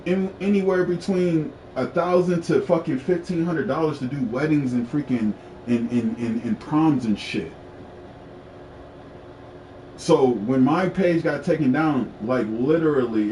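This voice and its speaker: A man's voice: on the high side, a little mellow, a little hiss or hum. Profane, ranting man in an echoey room. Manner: frank and profane, repeats himself for emphasis. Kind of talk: casual storytelling rant. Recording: echoey room, mic at a distance, faint ambience.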